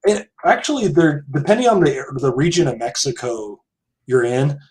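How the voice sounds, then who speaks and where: A man's voice: on the high side, big pitch swings, moderate pace, darkish tone. An American man co-hosting a podcast, talking casually and drifting into side topics. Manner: chatty, digressive, hedging. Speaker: podcast co-host. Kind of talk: casual chat.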